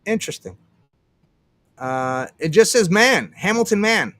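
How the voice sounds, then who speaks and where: A man's voice: high-pitched, animated, a little slow, a bit bright, dry recording. A man from Canada hosting a casual solo livestream, rambling and sarcastic, muttering to himself between remarks. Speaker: livestream host.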